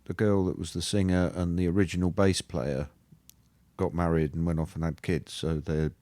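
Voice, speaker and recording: A man's voice: deep voice, little pitch movement, moderate pace, mellow, no room sound. A man co-hosting an audio podcast, chatting casually and telling a story about a night out, with dry interjections. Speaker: podcast co-host. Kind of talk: casual chat.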